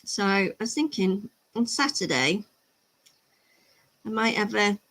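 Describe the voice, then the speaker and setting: Taking things slowly, a woman speaks in an expressive, medium-pitched voice that's a bit bright. She's on a miniature-painting livestream, chatting casually, laughing easily, and answering chat comments.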